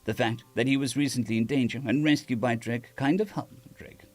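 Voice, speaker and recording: A man's voice: medium pitch, fairly even intonation, brisk, a little mellow, faint music behind. A man reading a story aloud on a live stream, with casual restarts and asides to chat.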